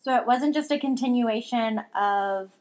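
High-voiced chatty woman podcast host. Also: measured pace, darkish tone. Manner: chatty, rambling with fillers and restarts. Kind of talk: casual chat.

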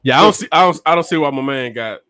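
A man's voice: mid-range voice, quick pace, sharp tone, no room sound. A man in a casual podcast discussion, talking loosely in slang with lots of stammered restarts.

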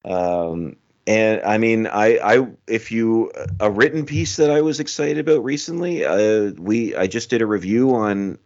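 A man's voice: fairly low pitch, a little slow, a little mellow, muffled recording. A man with a Canadian accent, a guest on a podcast who chats in a friendly, rambling way. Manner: friendly, rambling, laughs easily. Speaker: podcast guest, film critic. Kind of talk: casual podcast chat.

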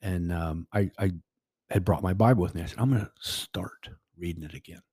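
A man's voice: sits low, a little fast, warm tone, husky, dry recording, clean studio sound. A middle-aged man telling a personal story as a podcast guest, rambling with restarts and quoted dialogue. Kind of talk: casual storytelling.

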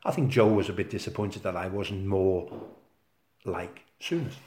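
A man's voice: low-pitched, normal speed, slight background noise. A man in his sixties from Denmark, speaking with a Danish accent tinged by Liverpool, telling football stories as an interview guest and acting out quotes. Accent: Danish with a Liverpool lilt. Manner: animated, acts out quotes. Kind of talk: anecdotal interview storytelling. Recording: roomy echo.

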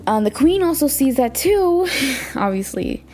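A woman's voice: sits high, big pitch swings, unhurried, dark tone, soft background music. A woman hosting a podcast, recapping a drama in a casual, gushing way and thinking aloud as she talks. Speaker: podcast host.

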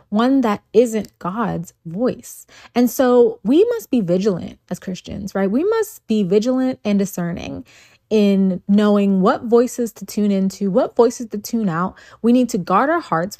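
Woman, devotional podcast host; earnest, exhorting delivery at a mid pitch, dry close recording. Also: animated, unhurried, darkish tone, no echo. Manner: earnest and exhorting, repeats phrases, casual "like" and "right?". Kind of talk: faith devotional podcast talk.

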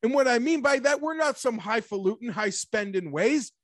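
A man hosting a casual sports talk show, animated and rambling, talking like an emphatic fan. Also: extremely high pitch, normal speed, dry recording, clean studio sound. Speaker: sports podcast host.

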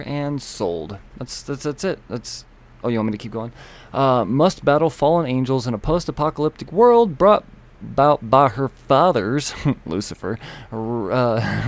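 A man hosting a comics podcast, reading sponsor spots casually, rambling and joking with himself. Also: mid-range voice. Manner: rambling, self-interrupting, jokey. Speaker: podcast host. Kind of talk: casual podcast reads and intro.

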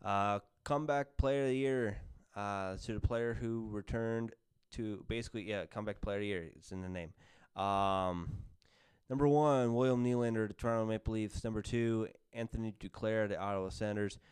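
A man with a lowish, very smooth and clear voice talks through an awards list on a podcast. He rambles and corrects himself often. The sound is dry and close, with no room to it. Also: normal speed, darkish tone, no echo. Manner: rambling, lots of fillers and self-corrections. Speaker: podcast host. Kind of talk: casual sports podcast chat.

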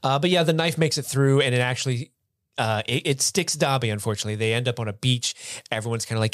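A man co-hosting a podcast who retells a film plot quickly, laughs a lot and often slips into voices. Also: mid-range voice, no room sound, studio quality. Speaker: podcast co-host. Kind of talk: casual movie review chat.

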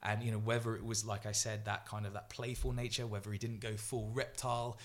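A man who is a guest athlete on a podcast, telling stories in an animated way, acting out quotes, with frequent fillers and restarts. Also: fairly low pitch, a little fast. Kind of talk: storytelling podcast chat.

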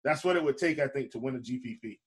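Speaking at a quick clip with a medium pitch and a breathy quality, a Charleston-area man co-hosts a laid-back basketball betting and fantasy podcast. His delivery is conversational, peppered with hesitations, fillers, and restarts.

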